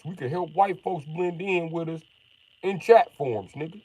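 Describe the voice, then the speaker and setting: A man's voice: fairly high pitch, moderate pace, warm tone, husky, voice pushed up, rough recording. A man mocking a bragging chatter.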